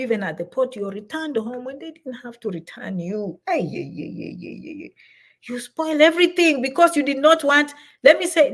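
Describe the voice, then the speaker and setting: A middle-aged woman hosting a casual livestream, reading out viewers' comments and answering their questions warmly. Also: fairly high pitch.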